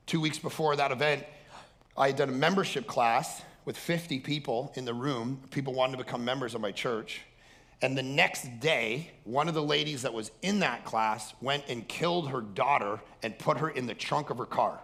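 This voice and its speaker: A male pastor preaching an energetic sermon, loud and animated, often breaking into acted-out voices. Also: mid-range voice, moderate pace. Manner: animated, loud, acts out other people's voices.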